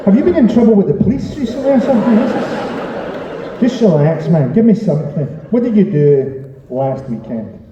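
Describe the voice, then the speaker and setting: A man's voice: sits high, big pitch swings, moderate pace. A man doing a stand-up comedy set on stage, sweary and sardonic, teasing the crowd. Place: live comedy venue on stage. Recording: roomy, distant, lo-fi live recording with crowd noise. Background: audience laughter and chatter.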